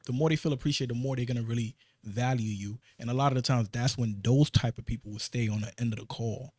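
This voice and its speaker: Fast-talking New York man, dry studio sound. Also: mid-range voice, fairly even intonation, a little mellow, no room sound. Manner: fast, emphatic storytelling with repeated restarts. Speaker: podcast co-host. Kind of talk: casual podcast chat. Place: podcast studio.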